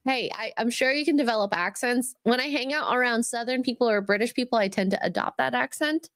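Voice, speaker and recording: A woman's voice: on the high side, fairly quick, fairly bright tone, dry recording. Giggly woman chatting on a dry mic. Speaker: co-host. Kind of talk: casual livestream chat.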